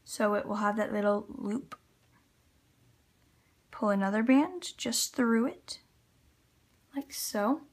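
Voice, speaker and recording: Speaking slowly in a mid-range voice with long pauses, this Canadian loom tutorial host walks viewers through the craft step by step. She's chatty, works with her hands as she talks, and lets out little laughs. It's recorded by a tripod-mounted camera at her table.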